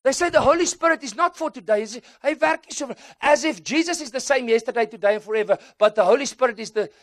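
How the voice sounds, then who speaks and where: A man with a South African accent, a native Afrikaans speaker, preaching a sermon as an animated storyteller who acts out voices and drops in Afrikaans phrases. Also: very high voice, quick pace, dry recording, clean studio sound.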